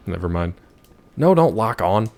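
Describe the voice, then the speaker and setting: Hoarse, gravelly American man streaming a game. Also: on the low side, big pitch swings, unhurried, darkish tone. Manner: rambling, jokey, reads chat aloud. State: hoarse from yelling. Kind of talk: casual gameplay chat.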